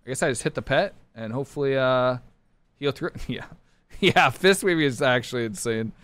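A man streaming a competitive online game live, talking his teammates through the match in short clipped callouts and bursting into excited shouts. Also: mid-range voice, normal speed, no echo. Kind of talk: live gameplay commentary.

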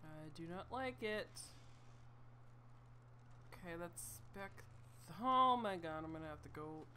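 A woman's voice: lowish voice, animated, slow, pushed and bright, slight background noise. A woman streaming a horror video game, talking to herself in jumpy exclamations. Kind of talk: live horror game playthrough.

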